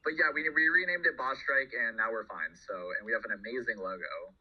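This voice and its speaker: A man's voice: medium pitch, fairly quick, highs cut off. A man, a game developer, hosting a casual Q&A. He rambles, restarts his sentences and laughs often.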